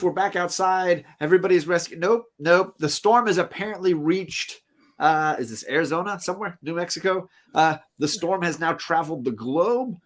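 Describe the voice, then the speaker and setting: A man hosting a casual comic book discussion, playful and joking. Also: a little high. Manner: playful, joking, lots of fillers. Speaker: podcast host.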